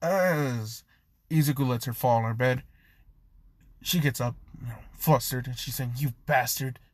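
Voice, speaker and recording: Slow, rambling male storyteller. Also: medium pitch, darkish tone, dry recording. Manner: loose, rambling, many fillers, self-correcting. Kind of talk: improvised fan story narration.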